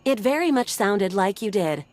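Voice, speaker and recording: A woman voicing a calm, polite female smart-home voice assistant in a video game. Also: medium pitch, moderate pace, natural voice.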